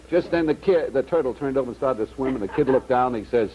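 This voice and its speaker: A man's voice: medium pitch, quick pace, few pauses, slight background noise. Rambling male storyteller on lo-fi audio. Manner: rambling, stumbling restarts. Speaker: comedian guest. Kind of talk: storytelling on a TV talk show. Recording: dull lo-fi old TV audio.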